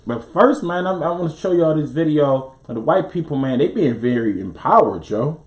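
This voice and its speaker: A man's voice: fairly high pitch, animated, normal speed, reverberant. A man co-hosting a casual talk show, speaking in loose slang. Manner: slangy, laid-back. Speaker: podcast co-host. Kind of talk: casual chat.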